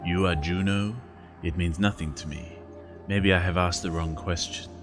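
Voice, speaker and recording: A man doing a monumental ancient serpent, scornful and menacing, with a very deep, low voice. It speaks slowly and grandly, like a game creature reading out a doom-laden prophecy, with game music playing behind it. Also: steady tone, lightly acted. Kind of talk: reading game dialogue aloud in a put-on voice.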